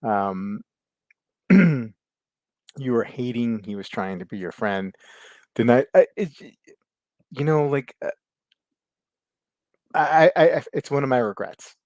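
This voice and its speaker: A man hosting a casual livestream chat, rambling, laughing often, and filling pauses as he reads viewer comments. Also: medium pitch, lively intonation, a little mellow, no room sound. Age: adult with kids. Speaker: livestream host.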